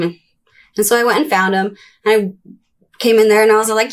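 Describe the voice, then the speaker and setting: A young adult woman recounting her childhood in a conversational interview, breaking into high, childlike voices when she quotes people. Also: a little fast, pauses often. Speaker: interview guest. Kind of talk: candid personal storytelling.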